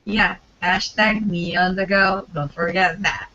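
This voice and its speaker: A woman's voice: on the low side, fairly even intonation, unhurried, bright, forceful tone, lo-fi sound. A woman on a casual video call, effusive and affectionate as she signs off. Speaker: panel guest.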